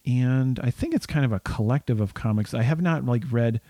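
Guy cohosting a podcast, mellow voice, lots of uh and um, dry sound. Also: mid-range voice, a little fast, dry recording. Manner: hesitant, many fillers and restarts. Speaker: podcast co-host. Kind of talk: casual podcast chat.

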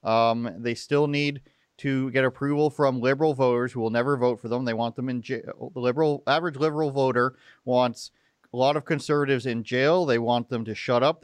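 A man's voice: mid-range voice, clear, resonant tone, dry recording. A young man hosting political commentary, sarcastic and mocking as he picks apart statements. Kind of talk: opinionated live commentary.

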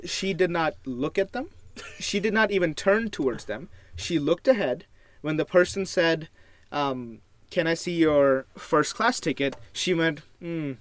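A man's voice: fairly high pitch, fairly bright tone, no room sound. A young man chatting casually as a podcast co-host, telling rambling stories with restarts. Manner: rambling storyteller, restarts and laughs. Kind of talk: casual chat.

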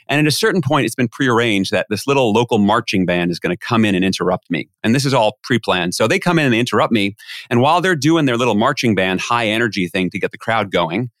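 A man's voice: medium pitch, no echo, studio quality. A man, a podcast guest, telling a story in a conversational way and acting out the voices of the people he quotes. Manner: animated, acts out quoted voices.

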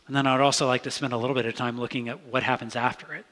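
A pastor preaches a sermon in an earnest, conversational way, often restarting his sentences. His medium-pitched, slightly bright voice races along with little pitch movement. The recording has the long reverb of a large hall.

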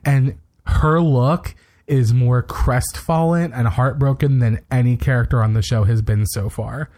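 A man's voice: mid-range voice, unhurried, dark tone. Man casually recapping a TV episode. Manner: retells scenes with quoted lines, many fillers. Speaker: podcast co-host.

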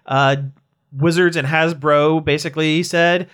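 A man's voice: on the high side, steady tone, moderate pace, fairly bright tone, clear, resonant tone. A man co-hosting a podcast in casual chat, joking and upbeat. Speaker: podcast co-host.

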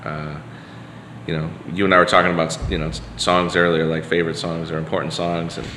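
Deep bright-voiced guy rambling on a podcast, lots of uh and like, echoey room w long reverb. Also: flat delivery, a little fast, a little hiss or hum. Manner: rambling, many fillers and restarts. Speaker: podcast guest. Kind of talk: casual conversation, storytelling.

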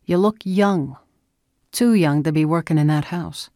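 A woman's voice: low-pitched, a little slow, dark tone, no room sound, studio quality. A woman doing a tense curt chauffeur. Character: tense terse male chauffeur.

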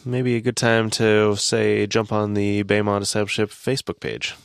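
A man co-hosting a podcast, reading scripture aloud in a steady, even way and chatting casually. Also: lowish voice, moderate pace, creaky, clear, resonant tone, no echo, studio quality. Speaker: podcast co-host.

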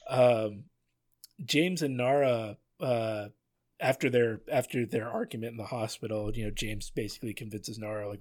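Man, podcast co-host, casual recap chat, mid pitch, filler-heavy, chuckling. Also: normal speed, a little mellow. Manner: rambling, chuckling, many fillers and restarts.

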